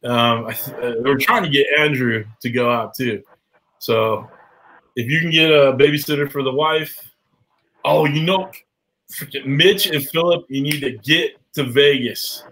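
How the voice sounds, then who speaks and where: A man's voice: medium pitch, a little slow, sharp tone, a little hiss or hum, poor audio. A man hosting a live show, chatting loosely with guests and viewers, swearing and laughing often. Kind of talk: casual live-stream chat.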